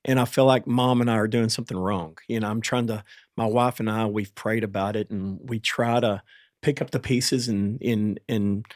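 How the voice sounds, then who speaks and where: Man talking haltingly, dry studio sound. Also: on the low side, fairly even intonation, no echo. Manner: halting, with many restarts and fillers. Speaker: podcast host. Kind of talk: candid conversation about parenting.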